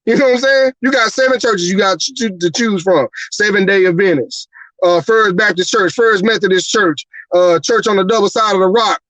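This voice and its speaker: A man's voice: high-pitched, normal speed, a bit bright, dry recording, rough recording. A man hosting a live talk show, ranting angrily and profanely, firing off one rhetorical question after another. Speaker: host. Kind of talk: heated live-show rant.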